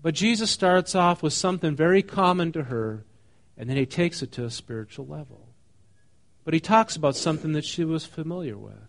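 A man's voice: a little high, animated, a little fast. A man preaching a sermon in a conversational way, reading a passage and then explaining it, often asking his listeners questions. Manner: conversational, asks the congregation questions; reads scripture then explains it casually. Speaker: pastor.

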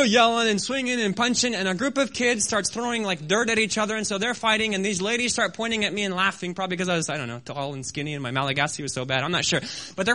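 A man preaching a sermon who tells his mission story in a lively, animated way, acting out noises and voices with self-deprecating humor. His voice sits high for a man and rings bright and forceful.

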